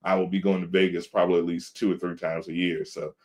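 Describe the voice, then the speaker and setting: A man's voice: low voice, flat delivery, quick pace, darkish tone. A man in his thirties, co-hosting a podcast in casual chat, telling laid-back stories and acting out quotes. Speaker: podcast co-host. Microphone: video call.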